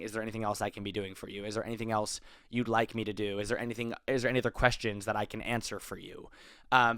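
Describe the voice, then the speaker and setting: A man's voice: on the low side, fairly bright tone, clear, resonant tone, no room sound, studio quality. A young man in his twenties hosting an advice podcast, talking casually with lots of fillers and self-corrections. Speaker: podcast host.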